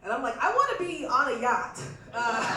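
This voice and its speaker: A woman's voice: on the high side, big pitch swings, slow, far from the mic, a crowd in the background. A woman performing a stand-up comedy set in a club, playful and acting out quotes in exaggerated voices, with audience laughter behind her. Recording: echoey club room miked from afar.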